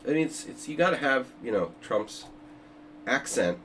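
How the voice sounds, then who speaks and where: An older man chats casually to his stream while hosting a chess simul, joking and rambling from one aside to the next. His voice sits in a middle pitch and reaches a home streaming mic with a faint hiss of noise behind it. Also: lively intonation, moderate pace, fairly bright tone. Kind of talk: casual livestream chat.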